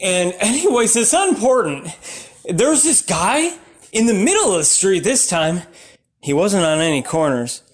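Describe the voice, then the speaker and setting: High-voiced deadpan stand-up comedian man. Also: moderate pace. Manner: deadpan, rambling, shouts in sudden outbursts. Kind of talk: absurdist stand-up bits.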